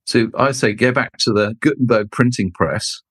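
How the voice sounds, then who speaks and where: A man's voice: normal speed, husky, no echo. A middle-aged man telling stories as a guest, acting out the people he quotes. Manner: expressive, acts out quoted people with jumps in pitch. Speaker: guest, leadership author and speaker. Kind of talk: animated storytelling in conversation.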